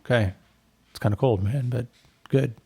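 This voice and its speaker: A gruff, fatherly old general, voiced by a man, speaks low and mellow with a gravelly edge. He talks calmly and folksily, like a veteran leader in a tabletop role-play. The sound is dry and close. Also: normal speed, no room sound. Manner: calm, folksy, calls others son. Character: gruff aging male army general, fatherly.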